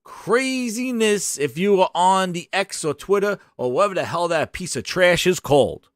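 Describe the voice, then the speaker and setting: Man, hoarse, lively swooping voice, bit high, dry close sound, live stream host. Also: normal speed, no room sound. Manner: hyped, shouts out chat names. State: hoarse from losing his voice. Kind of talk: casual live stream chat.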